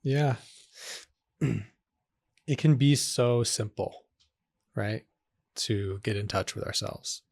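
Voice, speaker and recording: A man, a psychotherapist, guiding a slow, soft meditation and then talking casually about his work with clients. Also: mid-range voice, no echo, studio quality. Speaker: psychotherapist guest.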